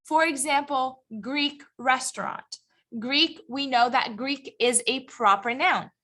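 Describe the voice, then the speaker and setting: An ESL teacher with a high-pitched, pushed, bright voice slowly teaches an English grammar lesson to a live class that's also streamed online. Patient and encouraging, she often pauses to ask students whether they follow.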